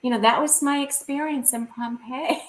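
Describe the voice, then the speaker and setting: A woman's voice: high-pitched, steady tone, moderate pace, roomy sound, a little hiss or hum, low-quality recording. A woman, a podcast guest, telling a personal story in a casual, emotional way, with many fillers and laughs.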